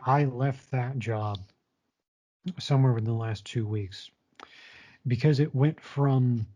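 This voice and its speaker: A man's voice: medium pitch, mellow. Blunt man telling a story, lo-fi sound. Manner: frank, blunt, swears freely. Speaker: storyteller recounting his retail job. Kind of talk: casual spoken personal story. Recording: dull lo-fi recording.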